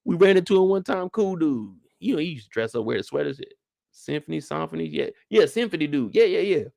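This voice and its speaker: Animated man hosting a show recap. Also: a little high, a little fast, creaky, dry recording, studio quality. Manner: animated, slangy storytelling to viewers. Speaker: TV after-show host. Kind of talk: casual episode recap commentary.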